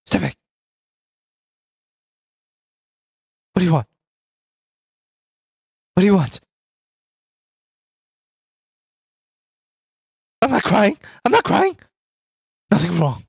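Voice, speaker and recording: A game master voicing a deranged, weeping woman who shrieks and raves in a high, far-off voice. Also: lively intonation, slow pace, vocal fry, pauses often, fairly bright tone, husky, no echo, lo-fi sound, full character voice. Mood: frantic. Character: deranged weeping woman, grief-mad and frantic.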